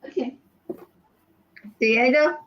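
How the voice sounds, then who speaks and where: A woman chatting casually, rambling and correcting herself as she talks. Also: high voice. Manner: rambling, halting, self-correcting. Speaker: livestream participant. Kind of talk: casual chat. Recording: dull lo-fi audio.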